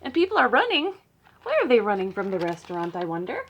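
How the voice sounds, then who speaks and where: A woman librarian reading a picture book aloud to children, playful and teasing, with dramatic gasps and hushed asides. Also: mid-range voice, wildly swooping pitch, quick pace, slightly rough.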